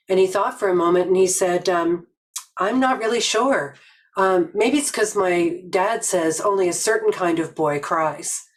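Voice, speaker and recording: Slow, earnest older woman presenter. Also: lowish voice, low-quality recording. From Nova Scotia, Canada. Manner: slow, earnest storytelling with many pauses. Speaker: webinar presenter. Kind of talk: reflective talk.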